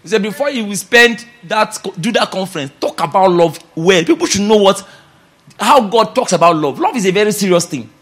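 A man preaching a sermon, repeating key phrases and rising loud when he reads scripture. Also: sits high, expressive, brisk, faint music behind. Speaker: pastor.

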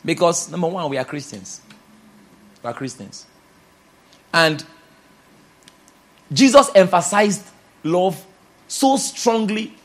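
A man preaching a sermon, repeating key phrases and rising loud when he reads scripture. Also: high-pitched, lively intonation, takes it slowly, pauses often. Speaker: pastor.

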